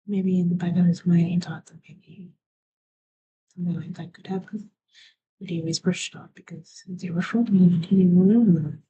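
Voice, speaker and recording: Woman streamer, lowish mellow voice, soft rambling half-whispered narration. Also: highs cut off, slight background noise. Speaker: live streamer.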